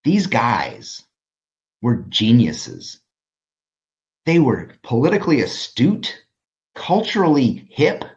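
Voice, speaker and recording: A middle-aged man, hosting a podcast in casual conversation, telling stories animatedly and swearing freely. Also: mid-range voice. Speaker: podcast host and designer. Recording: muffled lo-fi audio.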